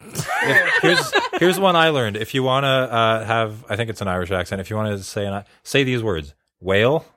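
A man's voice: on the low side, wildly swooping pitch, normal speed, very noisy. A man co-hosting a casual comedy podcast, laid-back, reasoning things out aloud and joking. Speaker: podcast co-host.

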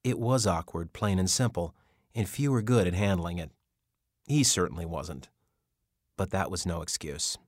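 A deep-voiced man narrates a scripted audiobook at a moderate pace. The recording is studio quality with no room sound.

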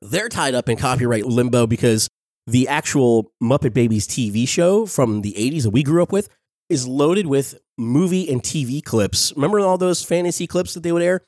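A man in his forties giving a casual, enthusiastic review, talking quickly and laughing often. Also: mid-range voice, expressive, darkish tone, no room sound, studio quality. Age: 40s.

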